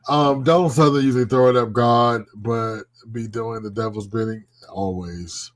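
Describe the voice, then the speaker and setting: A male co-host riffing through loose live-show banter, animated and quick to curse. His voice sits at a middling pitch. He laughs easily and keeps it profane and lively.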